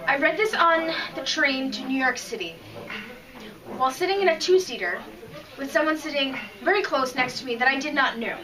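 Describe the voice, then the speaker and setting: Woman, podcast co-host, high-pitched, bright, chatty, emotional, recorded from a distance. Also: normal speed, a crowd in the background. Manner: chatty and emotional, with frequent restarts. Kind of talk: casual chat reviewing comics.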